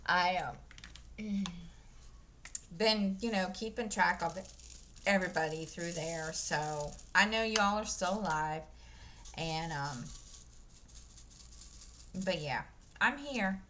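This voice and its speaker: Chatting to viewers as she stitches, a crafting host in her 50s rambles with many fillers and restarts. Her lowish voice is slow and bright with a forceful tone and long pauses, and her desk microphone picks up a little hiss or hum.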